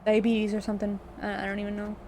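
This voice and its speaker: A woman's voice: mid-range voice, monotone, fast, background noise. A young American woman streaming a video game, chatting casually in a rambling way and laughing often. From United States. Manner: giggly, rambling, breaks into frequent laughter.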